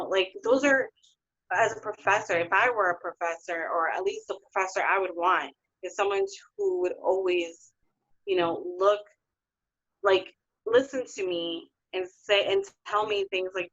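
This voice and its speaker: Chatty female interview guest, medium pitch, muffled lo-fi line. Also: very animated, normal speed, fairly bright tone. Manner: chatty, many fillers. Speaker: guest, theatre producer. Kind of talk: casual interview chat.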